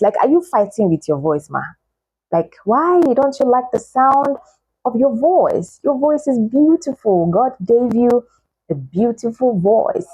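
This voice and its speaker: A woman's voice: high voice, animated, unhurried, darkish tone, rough recording. A woman teaching English pronunciation in a casual spoken lesson, encouraging and repetitive, often checking in with "all right?".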